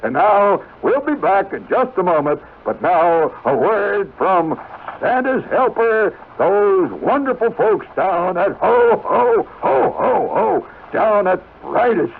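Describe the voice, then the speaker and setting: A man voicing a cheerful old male Santa Claus on the radio, with hearty ho-ho laughs and a drawn-out sing-song delivery. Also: high voice, very animated, gravelly, voice pushed up, heavily acted. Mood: jolly. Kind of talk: 1970s radio character voice. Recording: tinny lo-fi 1970s radio broadcast.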